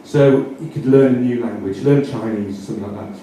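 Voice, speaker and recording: A man's voice: mid-range voice, fairly quick, dark tone. A man with a Yorkshire accent giving mock-earnest, rambling comic instructions, often correcting himself mid-sentence. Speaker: comedian. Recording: roomy echo, distant mic, faint noise.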